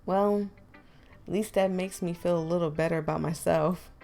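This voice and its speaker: A woman voicing a dry, awkward teen boy protagonist, dropping her voice low and keeping it flat. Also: moderate pace, vocal fry, faint music behind. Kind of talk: voice acting a visual novel.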